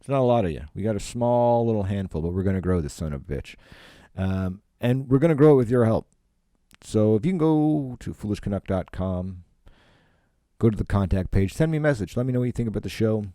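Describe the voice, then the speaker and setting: Canadian comedian guy rambling into his home mic, lowish dark voice, swears a ton, dry sound. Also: animated, fairly quick, no room sound. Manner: rambling, swears a lot, lots of fillers. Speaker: podcast host, comedian. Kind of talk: casual solo podcast rambling. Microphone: home podcast microphone.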